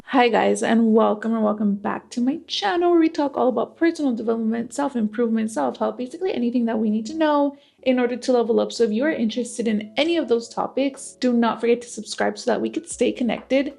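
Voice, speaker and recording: A woman's voice: fairly high pitch, quick pace, creaky, hardly any pauses, a little mellow. A young woman with a lisp, hosting a casual self-improvement vlog, candid and chatty. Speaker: self-improvement channel host.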